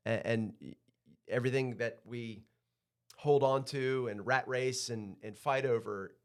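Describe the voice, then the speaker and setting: A man who runs a surf school appears as a podcast guest in a casual conversation, talking reflectively and often restarting his sentences. His voice is medium-pitched and smooth, at a measured pace.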